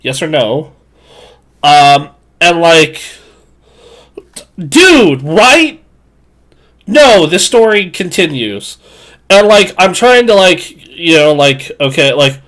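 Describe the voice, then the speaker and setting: A man's voice: fairly high pitch, expressive, very slow, long pauses, fairly bright tone. A man in his twenties telling a crude, self-mocking story on a live stream, full of fillers and rambling asides.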